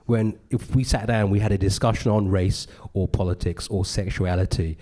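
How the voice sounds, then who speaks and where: A man, a comedian talking casually in an interview and often slipping into loud put-on voices when quoting people. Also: on the low side, fairly even intonation, normal speed. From Britain. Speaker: comedian guest. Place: live podcast recording in a venue.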